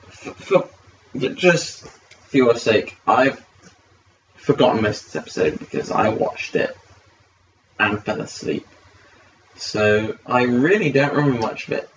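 A man's voice: mid-range voice, sing-song, unhurried, long pauses, fairly bright tone. Rambling, swearing man on a distant mic. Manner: swearing, rambling, many fillers. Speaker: podcast co-host. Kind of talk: casual commentary chat. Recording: distant lo-fi mic with faint hiss.

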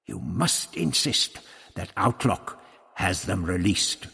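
A man's voice: deep voice, big pitch swings, slow, creaky, pushed and bright, breathy edge, in a large hall, full character voice. A man doing the Doctor, haughty and precise. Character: haughty elderly male time traveller, self-assured.

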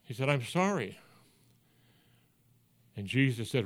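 An older man, a pastor, giving a sermon, telling stories in an earnest, folksy way that drops to hushed, quiet passages. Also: mid-range voice, measured pace, pauses often. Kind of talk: sermon storytelling.

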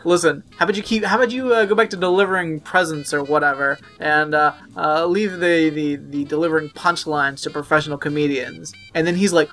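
A man's voice: on the high side, steady tone, normal speed, sharp tone, faint music behind. A man co-hosting a casual comedy podcast, improvising a mock-tough story with laughter. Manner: playful, laughs while talking, mock-tough. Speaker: podcast co-host.

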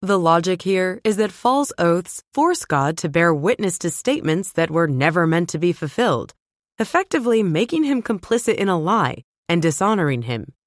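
A woman reads a scripted book summary in a clear, even manner. Her voice sits a little low but rises and falls a great deal. The recording is dry and close, with no room sound. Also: moderate pace, dry recording. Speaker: narrator.

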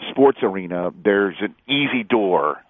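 A man with a lowish voice tells stories as a guest, laughing often and acting out what people said. The sound is thin and phone-like, with a dry, close tone and no room around it. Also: unhurried, no room sound. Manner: animated storyteller, laughs often, acts out quotes. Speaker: sportscaster guest. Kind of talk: casual interview storytelling.

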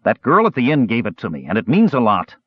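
A man voicing a big, brash young warrior who talks gruffly and boastfully. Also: medium pitch, wildly swooping pitch, quick pace, no room sound, dull audio.

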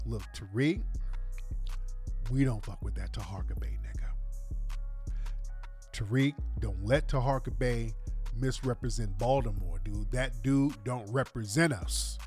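A man hosting a casual livestream, talking in animated, slangy street talk to his viewers. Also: fairly high pitch. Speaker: livestream host.

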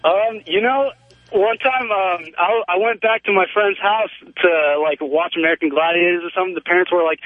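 A young man calling in to a talk show, telling a story in a rambling, excited way, full of "man" and "like". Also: a little high, fairly quick, dry recording. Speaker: caller. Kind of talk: phone-in storytelling. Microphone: telephone. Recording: tinny phone line, dry.

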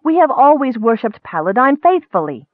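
A man reading a storybook, voicing an earnest, warm-hearted young noblewoman in a raised pitch. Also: very animated, normal speed, dry recording. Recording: dry, phone-like narrow sound.

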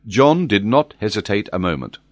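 A man narrating an audiobook in an expressive, varied reading voice. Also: fairly low pitch, moderate pace, no room sound.

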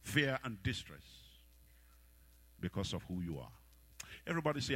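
Male pastor, forceful and bright, dry close mic. He preaches in call-and-response and acts out the characters in his stories. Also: on the low side, normal speed, pauses often, breathy edge, dry recording. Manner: rousing preacher leading call-and-response prayer, shouting at peaks; animated storytelling with voiced characters. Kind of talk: sermon.

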